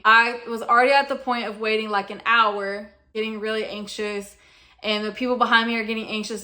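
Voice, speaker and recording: Young female vlogger, casual storyteller, slightly high, bright tone, chatty with fillers.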